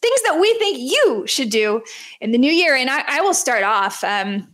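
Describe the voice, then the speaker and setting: A woman hosting a podcast, ranting in an animated, sarcastic way about fan habits. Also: high-pitched, normal speed. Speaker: podcast host. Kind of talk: casual podcast chat.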